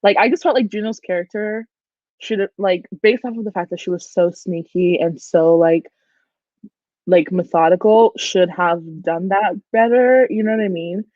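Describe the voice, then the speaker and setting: A young woman hosting a casual book discussion livestream, chatty and animated, full of "like" fillers. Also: medium pitch, moderate pace, no room sound. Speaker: book channel host. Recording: dry, tinny phone-like audio.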